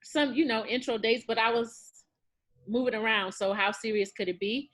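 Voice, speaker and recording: A woman interview guest answering hesitantly, with pauses and light laughter. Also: on the high side, a bit bright. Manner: hesitant, many fillers and restarts, laughs.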